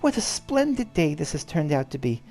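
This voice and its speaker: A man with a gruff voice reading a refined, sassy middle-aged noblewoman from a game, in a put-on refined tone. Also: on the high side, big pitch swings, normal speed, darkish tone, soft background music, voice pushed up. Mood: gracious. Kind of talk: reading game dialogue aloud.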